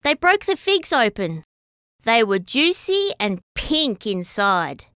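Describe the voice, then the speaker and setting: A woman reading a children's story aloud as a storyteller, expressive and sing-song. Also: fairly high pitch, takes it slowly, smooth, dry recording, clean studio sound.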